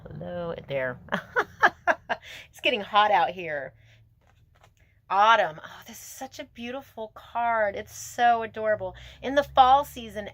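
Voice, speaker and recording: A woman's voice: medium pitch, a bit bright, no room sound. A woman giving a casual tarot reading to camera outdoors, gushing and emotional, laughing and musing aloud to herself. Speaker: tarot reader.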